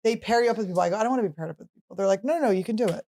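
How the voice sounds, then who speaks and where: A woman in her forties chatting casually as a podcast host, telling animated stories and swearing freely. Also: medium pitch, rapid-fire. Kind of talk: casual chat.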